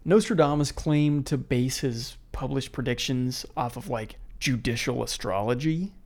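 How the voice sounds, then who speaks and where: A man co-hosting a casual podcast, relaxed as he reads out history facts and then riffs on them. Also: mid-range voice, measured pace. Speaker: podcast co-host presenting history.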